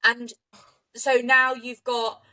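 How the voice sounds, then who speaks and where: A woman co-hosting a podcast, telling a true crime story in an animated, indignant way. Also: fairly high pitch, takes it slowly, rough recording. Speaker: podcast co-host.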